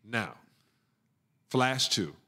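A middle-aged man, a guest on a podcast, telling stories in an animated way, laughing often and acting out the people he quotes. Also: mid-range voice, extremely slow, breathy edge. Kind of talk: storytelling in a podcast interview.

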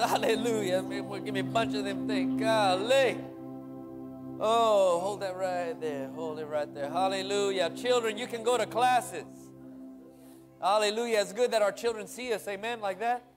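With music in the background, a man with a high-pitched voice speaks at a measured pace while leading a church service in the sanctuary. He's the worship leader and drummer, offering lively exhortation and prayer, fervently and repetitively calling hallelujah and amen to the congregation.

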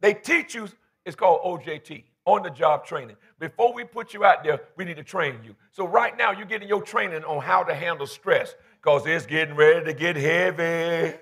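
A man's voice: sits high, lively intonation, fairly quick, vocal fry, hardly any pauses, fairly bright tone, slightly rough. A man in his fifties preaching a fervent, folksy sermon in church, calling for responses from the congregation. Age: 50s. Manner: colloquial, folksy phrasing. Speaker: pastor.

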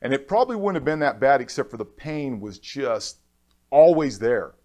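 A man giving a keynote on a conference stage, telling a personal story in a heartfelt, halting way and acting out other people's lines. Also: mid-range voice, animated, darkish tone. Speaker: keynote speaker. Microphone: stage microphone.

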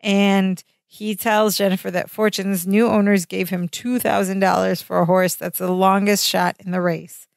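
A woman's voice: medium pitch, little pitch movement, moderate pace, creaky, no echo, clean studio sound. A woman co-hosting a podcast, recapping episodes in casual chat and acting out characters' lines as she goes. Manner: retells scenes, acting out quoted lines. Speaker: podcast co-host.

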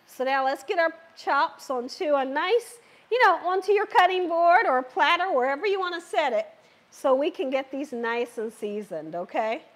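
Animated and high-pitched, this cooking show host talks at normal speed during her live stream, her voice slightly worn. Wearing a mic, she chats with her audience, laughs a lot, and reads viewer comments out loud.

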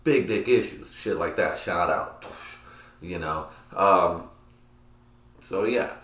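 A man's voice: sits low, slow, fairly bright tone. A young man hosting a solo podcast, rambling crudely and laughing at his own jokes. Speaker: podcast host. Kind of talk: casual solo podcast rant. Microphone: computer mic. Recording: echoey room.

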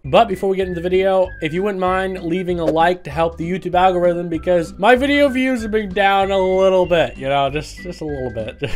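Young man, high voice, energetic, joking, casual reaction commentary. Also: fairly quick, soft background music. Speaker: YouTuber host.

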